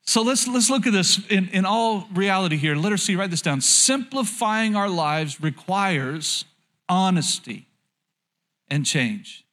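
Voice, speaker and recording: A man's voice: high-pitched, expressive, a little slow, fairly bright tone. A man preaching a sermon to his congregation in a hall, in a candid, lightly joking way, repeating phrases and asking the room questions. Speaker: pastor.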